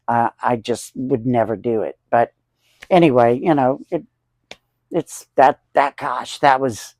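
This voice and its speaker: A man's voice: fairly high pitch, vocal fry, a little mellow, dry recording. A man in his sixties telling rambling, chuckling anecdotes as the host of a casual collector vlog.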